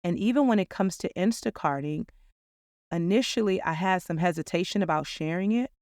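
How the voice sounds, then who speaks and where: A woman's voice: fairly low pitch, brisk, a little mellow, no room sound, studio quality. A woman hosting a reflective podcast monologue, talking in an earnest, upbeat storytelling way. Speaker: podcast host.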